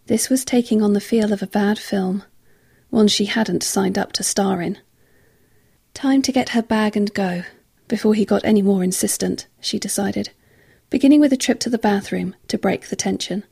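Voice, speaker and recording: A woman narrating an audiobook in measured, quietly tense tones. Her voice is husky and gravelly, with a dark, mellow colour. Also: mid-range voice, steady tone.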